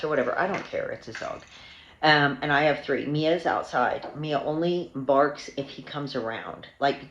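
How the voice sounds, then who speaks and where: A woman in her sixties chatting in a rambling, casual vlog at home. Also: sits low. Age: 60s. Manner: rambling, chatty storytelling with fillers. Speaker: family vlogger. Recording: echoey room, faint noise.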